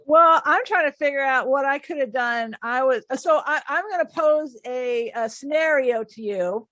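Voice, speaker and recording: High-voiced woman host, dry close sound. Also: normal speed, a bit bright, no room sound. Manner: encouraging listener, frequent "mm-hmm" and "uh-huh". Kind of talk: casual interview chat.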